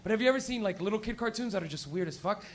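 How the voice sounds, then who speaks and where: A man with a high voice works a small comedy room. His stand-up is loose and full of swearing, and he jumps into little acted-out bits. He grew up in Canada. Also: racing, a little hiss or hum. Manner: loose, profane, animated storytelling with acted-out bits.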